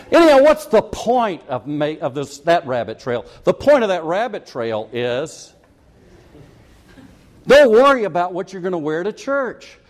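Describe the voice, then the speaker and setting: An older male pastor preaching a folksy, conversational sermon full of asides and rhetorical questions. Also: high-pitched.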